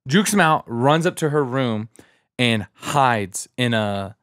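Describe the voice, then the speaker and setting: Profane, animated male storyteller. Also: mid-range voice, slow, no echo, clean studio sound. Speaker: podcast co-host. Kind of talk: casual chat.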